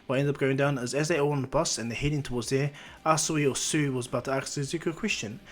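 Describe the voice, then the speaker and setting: A man's voice: mid-range voice, fairly even intonation, fast. A man casually narrating a fan story, rambling along with restarts and fillers.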